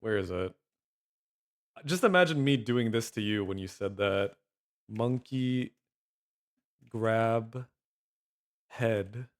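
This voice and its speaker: A man's voice: lowish voice, slow pace, pauses often. A man chatting casually on a livestream. He rambles, swears and laughs often. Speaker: streamer.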